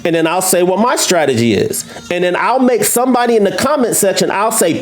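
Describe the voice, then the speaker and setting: A man teaching trading to viewers in a live lesson, brash and boastful, challenging his audience and jumping up in pitch for emphasis. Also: fairly quick, few pauses. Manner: animated, swoops up into high pitch for emphasis.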